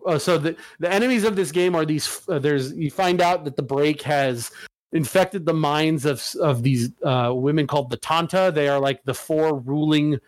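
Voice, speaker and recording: A man's voice: fairly high pitch, no room sound. A man hosting a casual podcast chat, rambling and profane, with many restarts.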